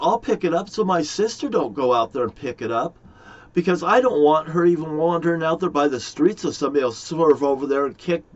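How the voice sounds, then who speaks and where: A middle-aged man talking in a rambling, aggrieved monologue to his viewers, swearing often. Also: fairly high pitch. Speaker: vlogger. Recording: dull lo-fi recording.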